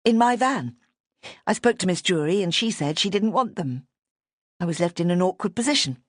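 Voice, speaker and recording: A woman's voice: lowish voice, normal speed, no echo, clean studio sound, close to an everyday voice. A woman playing a flustered, polite florist. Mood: defensive. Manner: fluttery, polite, over-explaining. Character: nervous flustered female florist, polite and apologetic. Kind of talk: audiobook character voice.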